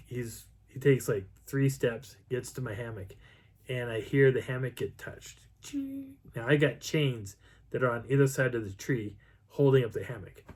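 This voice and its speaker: A man casually telling a personal story and acting out the sounds and voices as he goes. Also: mid-range voice. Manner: animated, acts out sounds and voices. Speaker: channel host.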